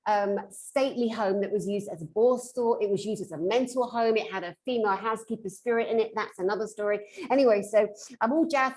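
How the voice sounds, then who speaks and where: A woman, a conference panelist, telling a lively personal story over a video call, swinging between loud and hushed delivery. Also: a little high, poor audio.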